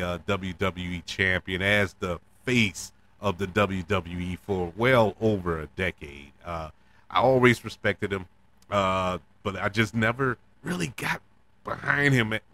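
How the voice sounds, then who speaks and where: A man hosting a podcast, talking casually and emotionally about wrestling, laughing now and then. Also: fairly low pitch. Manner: animated, emotional, laughs between words. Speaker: podcast host. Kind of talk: casual wrestling recap monologue.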